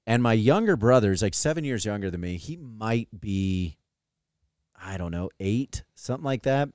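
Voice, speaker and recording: A man's voice: lowish voice, normal speed, clear, resonant tone, no echo, studio quality. A man co-hosting a casual podcast, telling a family story with profanity and frequent laughter. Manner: animated, profane, laughs while telling stories. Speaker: podcast co-host.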